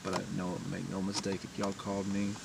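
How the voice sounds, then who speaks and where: A man's voice: deep voice, monotone, quick pace, creaky. A man talking in a raw, emotional personal confession, blunt and profane. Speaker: vlogger. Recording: distant mic with vehicle noise.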